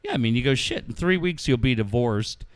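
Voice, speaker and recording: Lively, animated man on sports radio. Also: medium pitch, brisk, clear, resonant tone, no echo. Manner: animated storyteller, swears freely, acts out quotes. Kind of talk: casual sports radio chat.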